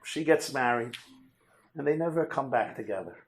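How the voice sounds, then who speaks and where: A man's voice: medium pitch, lively intonation, normal speed, a little hiss or hum. A rabbi giving a lecture to a large audience, telling stories animatedly and joking with his listeners. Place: community center hall.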